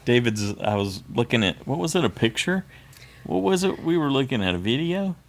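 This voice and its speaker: A man of middling pitch co-hosts a fan podcast. He chats casually and easygoingly, with frequent chuckles. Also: sing-song, normal speed. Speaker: podcast co-host. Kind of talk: casual chat.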